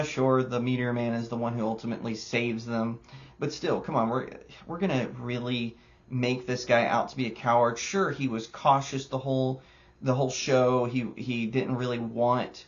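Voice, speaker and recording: A man's voice: medium pitch, muffled recording. A young man reviewing a TV show in an exasperated, sarcastic rant, stumbling and restarting as he talks. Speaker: video host, show reviewer. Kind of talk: ranting commentary review.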